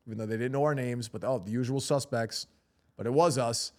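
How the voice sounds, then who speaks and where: Laughing, animated male podcast co-host. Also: medium pitch, brisk. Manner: animated, laughing storyteller, swears casually. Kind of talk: casual storytelling chat.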